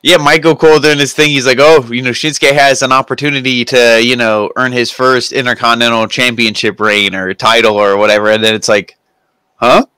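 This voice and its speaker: A man's voice: mid-range voice, level tone, fairly quick, hardly any pauses, sharp tone, clear, resonant tone, no room sound. A man reviewing a wrestling show in casual podcast chat, rambling with loose restarts.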